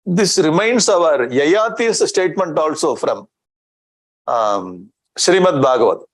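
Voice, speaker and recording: A man's voice: fairly high pitch, rough recording. A man giving a scripture discourse as a swami, chanting Sanskrit verses and explaining them in with rhetorical questions.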